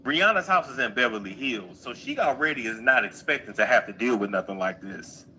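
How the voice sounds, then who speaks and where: Bright, animated man riffing on celebrity news. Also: medium pitch, a little fast, slight background noise, rough recording. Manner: animated, playful, reads news aloud then riffs. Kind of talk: casual livestream commentary.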